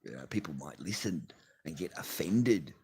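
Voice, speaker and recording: A man's voice: extremely low pitch, expressive, moderate pace, warm tone, husky. An Australian man vlogging from his garage, telling a rambling, swear-filled story with bursts of laughter. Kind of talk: casual profane rant to camera. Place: home garage.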